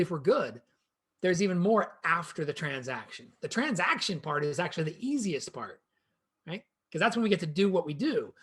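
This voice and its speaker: A man presenting a real estate training session in an energetic, conversational way, speaking to a co-host and the viewers. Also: sits high, husky.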